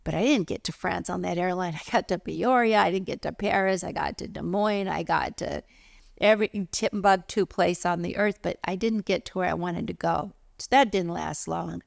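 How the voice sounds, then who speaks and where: A middle-aged woman tells a story about her own life and acts out the other people in it. Her voice is mid-pitched with a gravelly edge. It is recorded close and dry, with almost no room sound. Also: normal speed, no echo. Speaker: spiritual teacher and author. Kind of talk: personal storytelling monologue.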